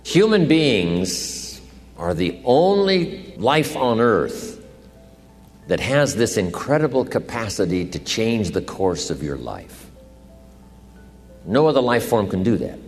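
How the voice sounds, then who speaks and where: Lively low-voiced man in a reverberant hall. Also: takes it slowly, faint music behind. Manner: explanatory, asks and answers his own questions. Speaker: motivational speaker. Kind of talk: lecture-style speech.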